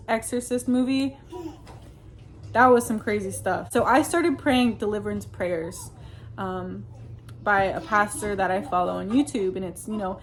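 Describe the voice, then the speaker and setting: A woman talks straight to her audience, earnestly recounting a personal experience in a rambling, unscripted way. Her speech is full of fillers and restarts and leans on Christian religious phrasing. Her voice sits at an ordinary middle pitch. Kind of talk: casual storytelling monologue.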